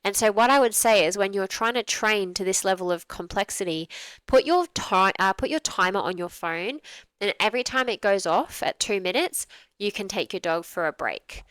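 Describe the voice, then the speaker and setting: A woman's voice: mid-range voice, lively intonation, moderate pace, a bit bright, clear, resonant tone, dry recording, poor audio. A woman dog trainer giving a conversational commentary on a training video, explaining things through acted-out examples.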